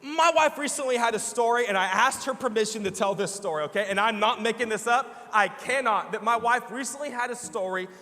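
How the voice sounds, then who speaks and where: Pastor, male, high bright voice, animated sermon storyteller, church hall echo. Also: brisk, hardly any pauses. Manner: animated, laughing storyteller with falsetto imitations. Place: church sanctuary.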